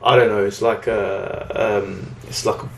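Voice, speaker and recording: A British man recapping a comic book in casual chat, with lots of fillers, restarts and quick acted-out quotes. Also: on the low side, fairly even intonation, gravelly, a bit bright, reverberant. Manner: rambling recap with many fillers and restarts, acting out lines in quotes. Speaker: podcast co-host reviewing comics.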